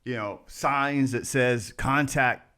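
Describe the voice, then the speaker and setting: A man's voice: mid-range voice, takes it slowly, clear, resonant tone. A man co-hosting a casual podcast who makes his points with emphasis and speaks straight to the listeners. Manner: emphatic, addresses listeners as ladies and gentlemen. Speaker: podcast co-host.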